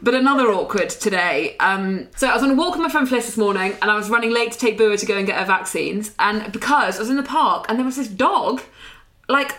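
A woman co-hosting a podcast, telling stories in casual chat with an animated, giggly manner. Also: mid-range voice, brisk. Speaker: podcast co-host.

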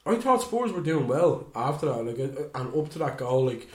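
A man co-hosting a casual football podcast, animated and quick to mimic players in high voices. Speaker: podcast co-host. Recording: echoey room.

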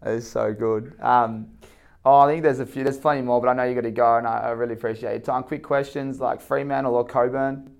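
An enthusiastic Australian interviewer with a gravelly, fry-laden voice in a mid-range pitch. He chats loosely and laughs along with his guest. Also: steady tone, brisk. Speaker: interviewer host. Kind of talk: casual interview chat.

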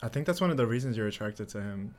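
A woman's voice: extremely low pitch, expressive, fast, darkish tone, slight background noise. A woman co-hosting a podcast, chiming in with blunt, supportive reactions. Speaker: podcast co-host. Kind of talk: casual chat.

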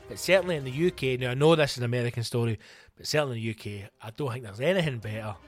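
A Scottish man hosting a comic podcast, ranting animatedly with plenty of swearing. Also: mid-range voice. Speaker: comedian and podcast host.

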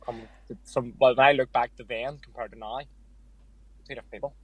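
A man's voice: medium pitch, steady tone, brisk, crowd noise, rough recording. A young man with an Irish accent, a boxer as guest, candidly telling stories in a casual podcast interview. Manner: candid, storytelling with quoted asides.

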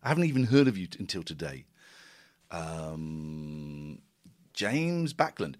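Animated radio host, rambling. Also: male voice, rumbling low, measured pace, pauses often. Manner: rambling, self-mocking, restless. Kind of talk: casual radio chat.

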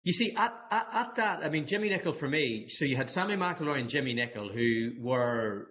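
A man guest on a podcast, retelling football memories in lively casual chat full of restarts and laughter. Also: medium pitch, normal speed. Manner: lively storyteller, many restarts, frequent laughs.

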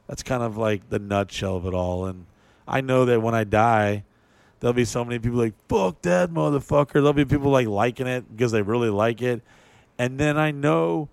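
A man in casual podcast talk, rambling and heavy with profanity, pressing each point hard. His voice sits at a middle pitch. The sound is dry and close, with no room in it. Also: a little mellow, no room sound. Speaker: podcast host. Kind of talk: casual chat.

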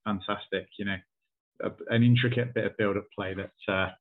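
A man co-hosting a casual football podcast, giving dry, analytical takes. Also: on the low side. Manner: flat, dry, fast-talking analysis. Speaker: podcast co-host. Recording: tinny phone-like line.

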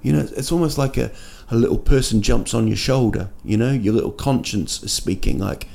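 A man's voice: mid-range voice, a little fast, creaky, dark tone. A man hosting a casual solo podcast, rambling and joking with lots of fillers and restarts, recorded indoors at night. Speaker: podcast host. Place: indoor room at night in a city.

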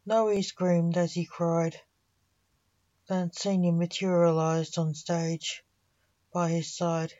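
Slow, low-toned woman storyteller. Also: flat delivery, dark tone, dull audio. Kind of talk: scripted story narration.

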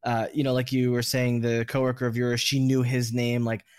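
A man's voice: mid-range voice, completely flat delivery, moderate pace, clear, resonant tone, no echo, clean studio sound. A young man hosting an interview, asking curious questions and sharing his own experiences. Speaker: interviewer, podcast host. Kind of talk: conversational interview.

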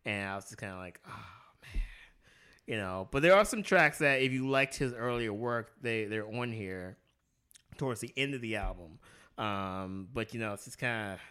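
A man's voice: lowish voice, lively intonation, normal speed, sharp tone, clear, resonant tone. Man hesitating through casual music talk. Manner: hesitant, filler-heavy, trailing off. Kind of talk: casual chat about music.

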